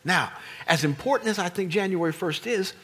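A man preaching a sermon as pastor, animated and emphatic, with playful asides to his congregation. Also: sits high, fairly quick, slightly rough.

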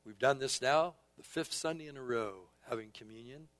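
A male pastor preaching a sermon and leading the congregation in repeated call-and-response prayers, moving between quiet, soft phrases and emphatic bursts. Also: mid-range voice, moderate pace, dry recording.

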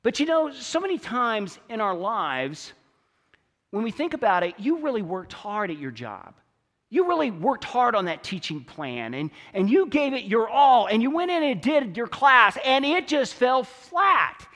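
A preacher talks to his church in an easy, conversational sermon. His voice sits high for a man, and he moves between loud, emphatic stretches and quiet, low ones. A long reverb from the sanctuary trails after his words. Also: big pitch swings, a little slow.

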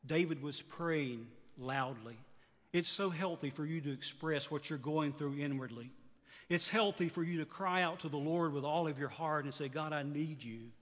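Man in his fifties preaching, somewhat high voice, long church reverb, earnest rising and falling delivery. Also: normal speed, a bit bright. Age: 50s. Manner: earnest preaching, voice rising on exhortations and dropping low at phrase ends. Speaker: pastor. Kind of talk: sermon.

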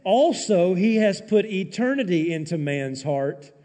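A man preaching a sermon as a pastor, animated and sarcastic, acting out mock quotes in raised voices. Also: sits high, a little slow, big-room sound. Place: church.

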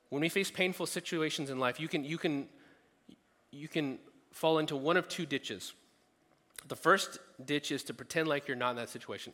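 Pastor, male, earnest conversational sermon delivery, bright voice with a slightly high pitch, big reverberant hall sound. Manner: earnest, conversational preaching with frequent restarts.

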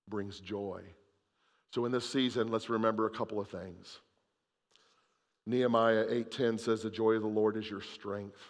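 A man preaching a sermon, reading scripture aloud and swinging between loud emphasis and hushed moments. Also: fairly low pitch, vocal fry, long reverb tail. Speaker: pastor.

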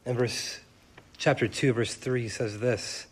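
A man in his thirties preaching a sermon as pastor, animated, speeding up and slowing down and rising to loud emphatic peaks. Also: mid-range voice, breathy edge. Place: church.

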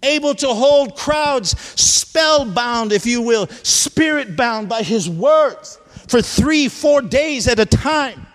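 Preacher guy, real high voice, shouting then going quiet, long echo like a big church. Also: lively intonation, takes it slowly. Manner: impassioned preaching, swings from shouting to hushed. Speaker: pastor. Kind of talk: sermon. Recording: long hall reverb.

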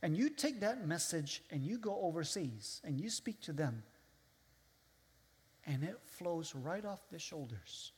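Slow-talking preacher with a foreign accent. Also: male voice, on the high side, big pitch swings, a little mellow. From outside the US. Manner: preacher who acts out listeners' voices and quotes scripture. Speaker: guest speaker. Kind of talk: sermon. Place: large hall with a live audience. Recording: long hall reverb.

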